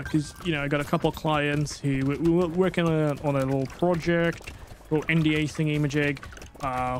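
A tired man commenting on his gameplay, English not his first language, rambling and self-mocking. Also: slight background noise. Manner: excitable, rambling, self-mocking, jumps to high squeaks when panicking. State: tired late at night. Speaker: gaming YouTuber.

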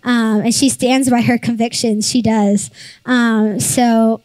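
Young woman preaching, pretty high voice, tells stories with lots of life, dry sound. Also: slow, no echo, rough recording. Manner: animated storytelling, acts out family voices. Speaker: pastor. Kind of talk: sermon with personal story.

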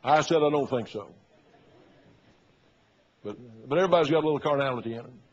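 A man's voice: mid-range voice, fast, husky. A male pastor preaching a sermon, telling stories and acting out the people he quotes. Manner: storytelling preacher, acting out quoted voices loudly. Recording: dull lo-fi sermon recording.

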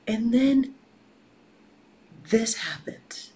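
A woman's voice: medium pitch, takes it slowly, gravelly, long pauses, a little mellow, rough recording. A woman life coach giving a casual, preachy motivational talk, dropping to a whisper for emphasis and using slang.

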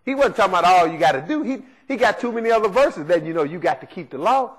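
A man delivers a sermon in an unusually high voice. He talks emphatically, driving each point home and pausing to ask his listeners questions they are meant to answer. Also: animated, poor audio. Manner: emphatic, asks the congregation rhetorical questions. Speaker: preacher.

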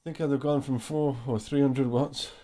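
A man's voice: mid-range voice, steady tone, moderate pace, dark tone. A man at home, filming on his phone and rambling through a casual running commentary to himself with muttered asides. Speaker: vlogger.

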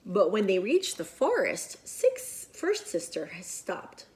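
A woman reading a picture book aloud to children in an expressive, animated way with whispered asides. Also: medium pitch, slow pace, a little hiss or hum. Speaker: children's storyteller.

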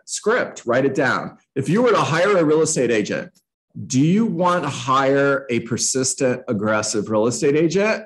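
An emphatic man at a medium, everyday pitch, coaching a room of real estate agents. He drives his points home by repeating them and by acting out both sides of sample phone calls. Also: rough recording. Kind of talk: live training talk.

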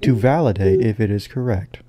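A man calming and reassuring his brother, firm and insistent. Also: fairly low pitch, moderate pace, dry recording. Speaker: brother of the streamer.

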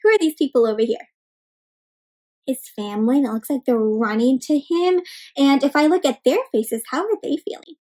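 A woman reads a picture book aloud to children in an interactive way, asking them questions and calling them "my friends" with encouraging, teacher-like warmth. Her voice sits high with a dark tone at a normal speed, and the audio is poor.

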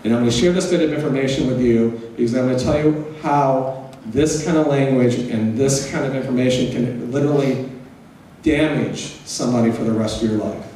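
A middle-aged man gives a candid, humor-laced lecture built on personal stories, his mid-range voice brisk and mellow. He sounds distant in an echoey hall, with slight background noise.

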